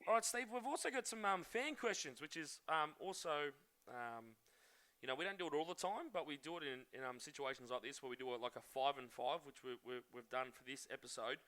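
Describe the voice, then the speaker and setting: A man's voice: on the high side, a little fast, pushed and bright. A man hosting a casual interview, asking long, rambling questions. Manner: friendly, rambling questions with restarts. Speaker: podcast host.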